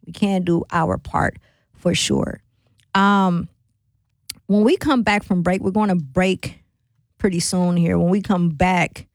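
A woman's voice: medium pitch, slow pace, no room sound. Chatty woman radio host, dry sound. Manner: chatty, laughing, preachy asides. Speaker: radio talk show host. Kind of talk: casual on-air talk. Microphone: studio microphone.

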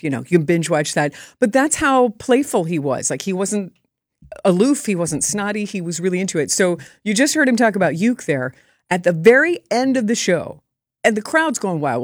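A woman's voice: on the low side, normal speed, no echo, clean studio sound. A woman reporter giving a chatty, enthusiastic recap on air. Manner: chatty and enthusiastic, lively quoted voices. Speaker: radio or TV reporter.

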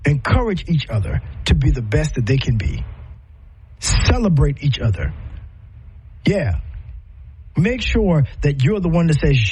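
A man's voice: on the high side, big pitch swings, unhurried, pauses often, darkish tone, breathy edge. A man preaching a sermon in an earnest, repetitive style, speaking directly to his listeners.

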